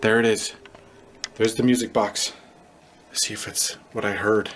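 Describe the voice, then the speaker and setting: A man's voice: on the low side, flat delivery, moderate pace, a bit bright, slight background noise, low-quality recording. A man investigating a place for spirits as he explores it, gasping and exclaiming in alarm. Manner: jumpy, gasping, repeated exclamations. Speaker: paranormal investigator. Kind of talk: live exploration commentary.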